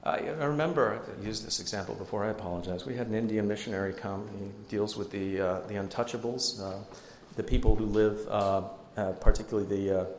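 A man's voice: fairly low pitch, steady tone, fairly quick, few pauses, a little mellow, slight background noise. A man preaching a sermon as pastor, conversational, with self-deprecating asides. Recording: echoey hall with long reverb, faint ambience.

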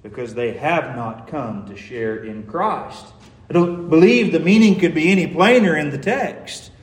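A man's voice: on the high side, animated, unhurried. A man preaching a sermon, earnest and pleading, pressing each point home with emphasis. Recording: roomy echo.

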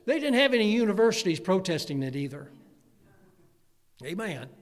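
A man's voice: high voice, big pitch swings, normal speed. Folksy preacher man in an echoing hall. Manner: folksy, swings from quiet to shouting. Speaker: pastor. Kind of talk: sermon. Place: church hall. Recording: long hall reverb.

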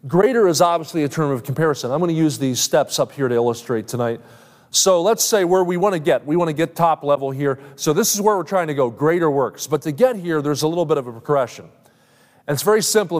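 Middle-aged male preacher in a reverberant hall. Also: a little high. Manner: teaching, asks the congregation questions. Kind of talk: sermon. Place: church.

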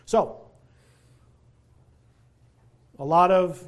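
A man preaching a sermon, reading scripture and explaining it in an earnest, deliberate way, slowing down on key words. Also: on the high side, a little mellow.

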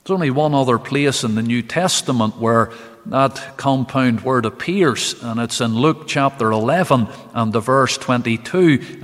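A man of middle pitch preaches a Bible study to the camera, measured and unhurried. He presses key phrases with emphasis. His voice rings with the long reverb of an empty church. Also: fairly bright tone. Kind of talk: midweek Bible study sermon. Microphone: camera recording for online viewers.

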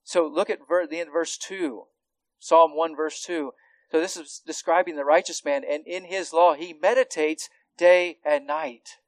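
Guy preaching verse by verse, bit high voice, dry close sound, asks the room questions a lot. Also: steady tone, measured pace, dry recording, poor audio. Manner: earnest teaching with frequent restarts and rhetorical questions. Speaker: pastor. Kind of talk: expository sermon.

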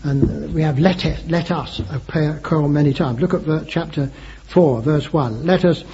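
A man's voice: on the high side, moderate pace, mellow, slight background noise. A man preaching an earnest sermon, building to emphatic rising phrases with frequent hesitations and repeated words. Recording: dull lo-fi sermon recording.

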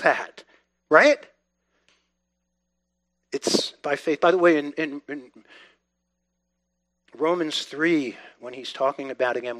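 Emphatic and repetitive, this pastor's sermon dips to almost a whisper before rising into loud, urgent outbursts, his fairly high voice hammering each point. There's no echo; the sound is completely dry.

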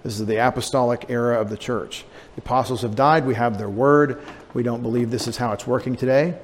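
A male pastor delivers an evening sermon in a relaxed, conversational way, wandering into asides and restarting his sentences. His voice sits at an ordinary middle pitch. The church adds a long reverb tail, with a faint hum of room noise behind him. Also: a little fast. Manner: conversational, digressive, with fillers and asides. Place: church sanctuary.

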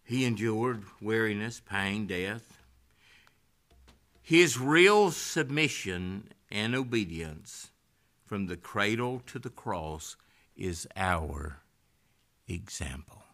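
A man preaching a sermon, swinging from loud rising exhortation down to hushed near-whispers. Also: lowish voice, expressive, slow pace, pauses often.

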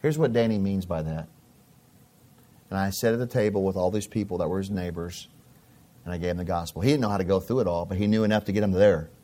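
A middle-aged male pastor delivers his sermon in a somewhat low voice. He talks like he's chatting with friends, spinning stories and doubling back on his words. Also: fast talker, mellow. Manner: conversational storytelling, repeats phrases.

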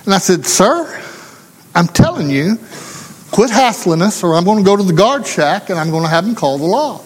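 A man preaches a sermon in a folksy storytelling manner, slipping into the voices of the people in his tale. His voice sits high for a man. It rings with the long reverb of a church hall. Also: lively intonation, a little fast, a little mellow, husky. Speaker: pastor.

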